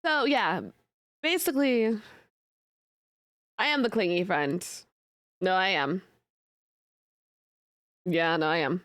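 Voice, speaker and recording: A woman's voice: fairly low pitch, slow, long pauses, fairly bright tone, no room sound, clean studio sound. A young woman streaming, chatting casually with her viewers in a playful way and often slipping into mock outrage. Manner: many fillers and restarts. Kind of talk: casual chat reacting to live chat.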